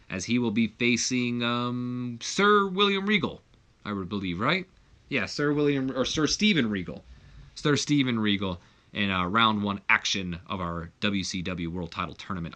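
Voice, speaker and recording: Guy going through a wrestling sim game playthrough, chatty, lots of uh and you know, bright voice. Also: on the low side. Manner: chatty, recapping with fillers. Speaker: video game commentator. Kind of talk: casual game playthrough narration.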